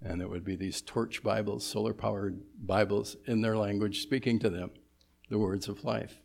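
A male pastor with a fairly low voice delivers a sermon in a church sanctuary. He talks to the congregation casually and breaks in with humorous asides. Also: steady tone, normal speed, vocal fry, darkish tone.

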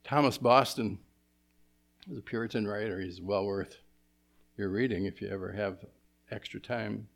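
A man preaching an expository sermon as pastor, asking his congregation rhetorical questions and moving between emphatic and hushed delivery. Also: fairly low pitch, moderate pace, gravelly, long pauses.

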